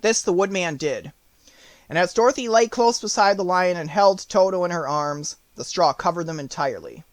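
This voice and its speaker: A man reading an audiobook, narrating the story in clear, even tones. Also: high voice, normal speed, no room sound.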